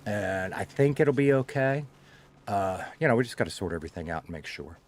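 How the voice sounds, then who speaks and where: A man's voice: on the low side, expressive, brisk, darkish tone, a little hiss or hum. A man chatting casually on a live stream, swearing freely and laughing often.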